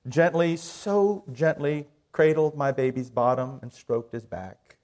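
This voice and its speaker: A man preaching a sermon as a pastor, telling a story earnestly and then praying softly and slowly. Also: mid-range voice. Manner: earnest storytelling that drops to a soft, slow prayer. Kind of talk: sermon with a told story and prayer.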